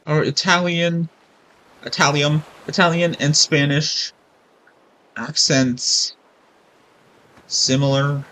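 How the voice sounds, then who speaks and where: Bright-voiced man rambling over gameplay. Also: on the high side, fairly even intonation, slow, long pauses. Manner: rambling, thinks aloud, questions himself. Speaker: gamer. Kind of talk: let's play commentary.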